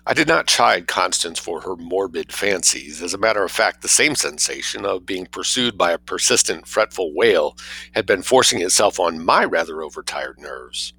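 A man reads a story aloud with a low, gravelly voice that still rings bright at the edges. His delivery is wry and expressive, rising and falling freely. The sound is close and dry. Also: moderate pace, dry recording, low-quality recording. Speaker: reader. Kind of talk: audiobook narration.

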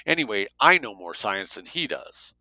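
A man's voice: on the low side, sing-song, moderate pace, sharp tone, no room sound, exaggerated voice, low-quality recording. Man reading a blunt sardonic financier man. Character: wary rich male financier, blunt.

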